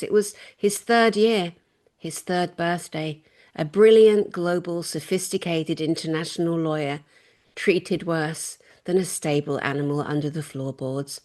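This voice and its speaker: A woman's voice: low-pitched, darkish tone. Earnest woman host, emphatic pleas. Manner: earnest, emphatic, slows to stress points. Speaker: interview host. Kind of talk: emotional advocacy interview.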